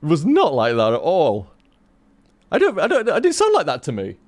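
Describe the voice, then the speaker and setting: A man's voice: on the high side, huge pitch swings, normal speed, darkish tone. A man chatting casually on a game stream, rambling and swearing, tripping over his words.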